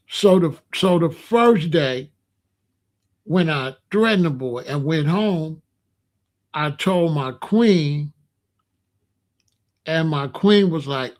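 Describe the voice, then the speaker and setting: A man's voice: animated, slow pace, long pauses. Streetwise man telling a story. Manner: loose, streetwise, drops into low murmurs. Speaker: storyteller host. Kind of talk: casual storytelling.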